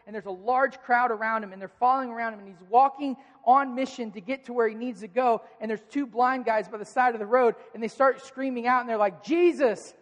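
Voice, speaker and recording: A man with a high voice preaches a sermon from the pulpit. He climbs louder to hammer his points, then drops to soft, quiet questions. His voice rings with a long hall reverb. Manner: rises in pitch and volume for emphasis, drops to quiet asides. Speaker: pastor.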